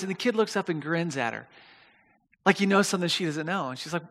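A man preaching a sermon, telling a story in an animated way and often restarting and repeating words, with his voice rising to near shouting at the big moments. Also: high voice, normal speed, in a large hall. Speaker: pastor.

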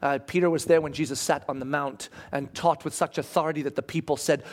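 Guy giving a sermon, chatty storytelling, pretty high voice for a man. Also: fast, few pauses. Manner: lively conversational storytelling. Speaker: pastor.

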